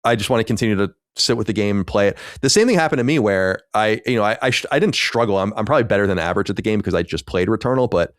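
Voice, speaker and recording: A man talks fast on a podcast in a low-leaning voice, circling back through restarts and fillers. The sound is dry and close, with no room in it. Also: animated, dry recording. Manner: rambling, many restarts and fillers. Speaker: podcast co-host. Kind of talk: casual chat.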